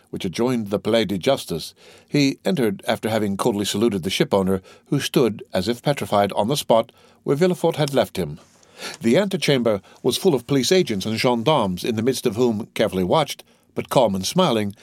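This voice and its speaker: A man narrating a classic novel as an audiobook in a steady, measured reading. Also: lowish voice, no room sound, clean studio sound.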